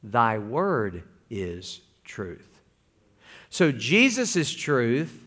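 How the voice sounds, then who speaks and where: A man's voice: fairly high pitch, a bit bright. Folksy preacher man. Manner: folksy, calls for congregation responses. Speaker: pastor. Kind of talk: sermon.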